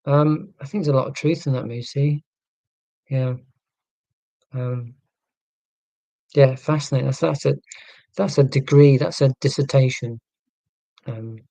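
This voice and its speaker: Mellow musing man on a live stream. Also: mid-range voice, dry recording, rough recording. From southern England. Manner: musing, tangential, self-deprecating. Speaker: livestream host reading chat. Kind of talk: casual live chat.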